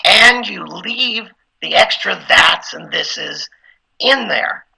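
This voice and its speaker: A man's voice: sits high, expressive, takes it slowly, vocal fry, pushed and bright, slightly rough, rough recording. A middle-aged man giving an informal lecture on preaching skills, conversational and at times emphatic like a preacher. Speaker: instructor teaching preaching skills.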